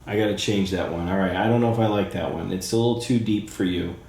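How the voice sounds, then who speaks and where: A man's voice: deep voice, fast, creaky, very noisy. Eager male psychic medium, echoey room. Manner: eager, thinks aloud, many fillers. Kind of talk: spirit session, talking to a spirit.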